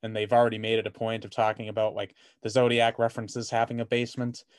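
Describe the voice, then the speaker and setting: A man's voice: fairly low pitch, flat delivery, fast talker, smooth, no echo. A man co-hosting a podcast, chatting casually about a movie, rambling with lots of "like" and swearing freely. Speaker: podcast co-host.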